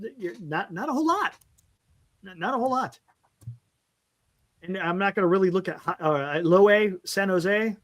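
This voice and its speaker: A man with a high-sitting, slightly bright voice hosts a casual postgame fan podcast, speaking frankly and rambling. He stumbles over player names while reading out stats.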